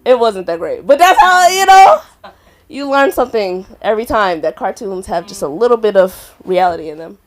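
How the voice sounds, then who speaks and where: Her voice is mid-range and brisk, with few pauses, as this young woman does open-mic stand-up on a comedy club stage. She tells a story with giggly animation, acting out voices loudly.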